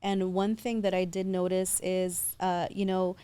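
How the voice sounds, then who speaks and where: Confident woman, low mellow voice. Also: level tone, a little slow, smooth. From San Diego. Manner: confident, explanatory, fluent. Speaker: guest, loan officer. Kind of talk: casual interview.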